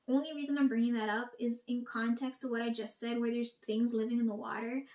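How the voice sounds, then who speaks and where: A woman's voice: fairly high pitch, darkish tone, roomy sound. A young woman rambling to her audience in a casual monologue, swearing often and talking emphatically.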